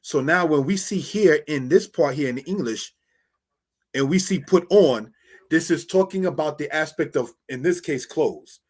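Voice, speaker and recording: A man teaching Bible Hebrew in a slow, repetitive way, often asking "all right?" and calling listeners brothers and sisters. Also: fairly high pitch, a little mellow, husky. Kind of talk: screen-share Hebrew lesson.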